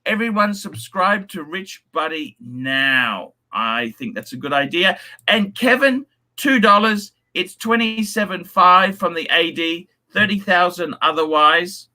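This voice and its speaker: A man's voice: sits high, lively intonation, a little slow, hardly any pauses, sharp tone. A man hosting a casual livestream, reading donations and ranting bluntly with lots of swearing. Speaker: livestream host.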